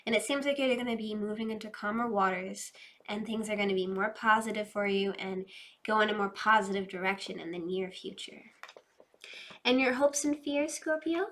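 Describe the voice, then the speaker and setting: A woman doing a casual, chatty tarot reading, fast-talking and loose, addressing her viewers directly. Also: mid-range voice, fairly bright tone. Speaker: tarot reader.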